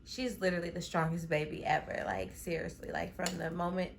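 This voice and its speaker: A woman's voice: on the low side, level tone, a little fast, vocal fry. A young woman casually telling a personal story to her audience, using lots of fillers and quoted speech, with emotion showing through. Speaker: co-host. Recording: echoey room with faint noise.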